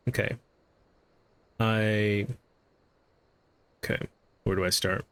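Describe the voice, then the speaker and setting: A man's voice: fairly low pitch, fairly even intonation, measured pace, long pauses, soft background music. A man streaming a game, chatting casually, brushing off the game's dialogue and stumbling over his words as he goes. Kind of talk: casual gameplay commentary.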